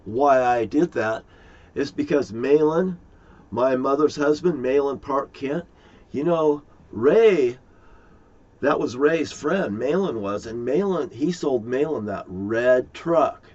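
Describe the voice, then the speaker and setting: A man's voice: medium pitch, animated, takes it slowly, darkish tone. A middle-aged man talking in a rambling, aggrieved monologue to his viewers, swearing often. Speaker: vlogger. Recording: dull lo-fi recording.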